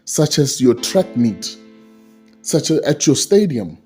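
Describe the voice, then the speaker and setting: A man's voice: fairly high pitch, sing-song, slow pace, dark tone, slightly rough, faint music behind. A man giving a solo commentary on a court case, repeating his points and asking rhetorical questions.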